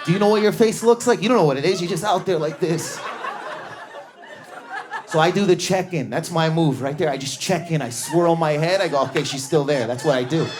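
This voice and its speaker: A man in his thirties doing an animated stand-up comedy set on a club stage, telling stories with bursts of energy and acted-out voices. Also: brisk, noisy background. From Canada. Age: 30s. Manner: high-energy, animated storytelling with sudden volume swings and acted-out voices.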